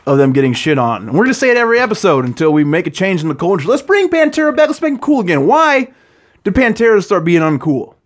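A man hosts a podcast in loose, irreverent chat, breaking off to laugh. His voice sits a little high for a man. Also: sing-song, fast talker. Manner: joking, irreverent, laughs often. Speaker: podcast co-host. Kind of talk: casual podcast chat, reading case notes.

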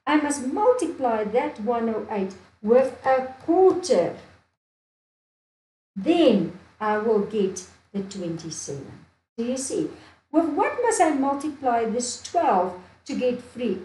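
A woman's voice: medium pitch, dark tone. A woman from Namibia teaching a maths lesson. She thinks aloud, repeats steps and keeps checking with "do you see?". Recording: echoey room with faint ambience.

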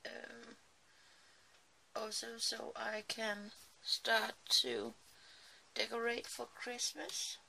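Speaking very slowly with long pauses, a crafting vlogger rambles casually and apologetically as she works in her small home craft room, sleepy in the early morning. Her slightly high voice is creaky, pushed and bright, with little pitch movement, over slight background noise.

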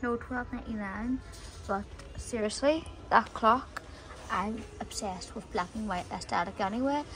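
A woman's voice: mid-range voice, a little slow, a bit bright, a little hiss or hum. A woman vlogging to her viewers in casual, rambling chat, correcting herself as she goes. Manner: chatty, rambling, corrects herself mid-sentence. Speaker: family vlogger.

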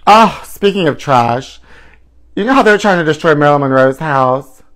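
A man with a fairly high voice hosts a live gossip stream from home. His delivery is campy and theatrical, with terms of endearment for his viewers and dramatic swoops into mock outrage. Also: animated, moderate pace, fairly bright tone. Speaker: host of a live celebrity gossip show.

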